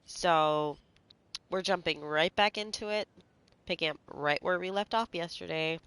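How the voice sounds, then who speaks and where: A woman streamer who is sick, her voice nasal, chats casually between game scenes. Her voice is bright and crisp, and she speaks slowly. The sound is dry and close. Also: on the low side, dry recording. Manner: apologetic, chatty.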